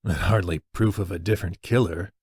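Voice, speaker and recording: A man's voice: low voice, moderate pace, husky, dry recording, clean studio sound, exaggerated voice. A man voicing a big, scornful male rival who speaks with sneering impatience. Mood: dismissive. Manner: sneering and sharp.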